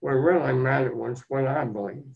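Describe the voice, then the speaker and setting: A man's voice: mid-range voice, moderate pace, gravelly. An older man telling his life story as an interview guest, in an earnest, plain-spoken and folksy way. The recording sounds dull and lo-fi. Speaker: guest, motivational speaker.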